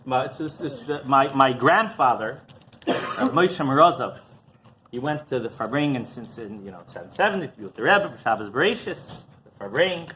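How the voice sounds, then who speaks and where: A man's voice: expressive, moderate pace, sharp tone, a little hiss or hum. A man, a rabbi, telling stories in an informal talk, often asking "right?" and acting out the people in them. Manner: conversational storytelling, frequent "right?" and "you know"; acts out quoted voices with big pitch jumps.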